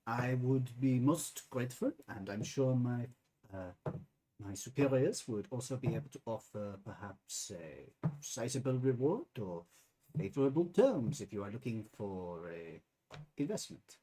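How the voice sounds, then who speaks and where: Man voicing a discreet German banker in a tabletop game; husky, lively delivery, shaky put-on German accent. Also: medium pitch, a little slow, pitched below the performer's own voice. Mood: formal. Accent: put-on German accent, drifting. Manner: formal, hesitant, discreet. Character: scheming male German banker, formal.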